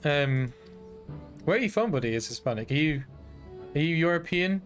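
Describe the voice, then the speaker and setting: A young British man chats on a game stream in a loose, slangy way and laughs often. His voice sits a little high. Faint music plays behind him. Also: animated, normal speed. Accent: British English. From Britain. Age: 20s. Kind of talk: casual gaming stream chat.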